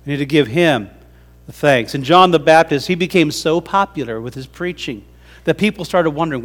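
A man's voice: fairly high pitch, animated, fairly quick. A male pastor delivering a folksy, humorous sermon in a conversational way.

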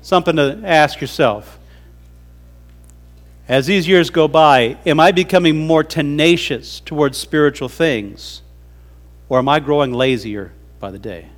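Folksy high-voiced male preacher. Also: a little slow. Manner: folksy, humorous, conversational. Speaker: pastor. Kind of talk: sermon.

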